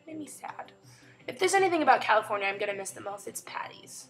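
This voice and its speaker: A woman's voice: medium pitch, fast talker, faint music behind. A young woman telling a chatty story in a casual vlog at home, acting out other people's lines as she goes. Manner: chatty, animated retelling with quoted voices. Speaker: vlogger.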